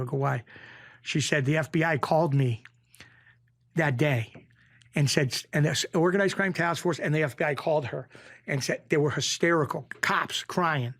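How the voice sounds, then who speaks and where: A man, telling stories as a podcast guest and acting out the voices of people in them. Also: a little high. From Springfield, Massachusetts. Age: 50s. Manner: animated anecdotes, acts out quoted voices. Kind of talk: casual storytelling.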